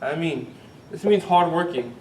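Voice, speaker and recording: Man, fairly high voice, teaching a class, echoey room with faint rumble, asks questions, has students repeat words. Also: lively intonation, recorded from a distance. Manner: drawls words slowly when modelling them. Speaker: Arabic teacher. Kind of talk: classroom grammar lesson.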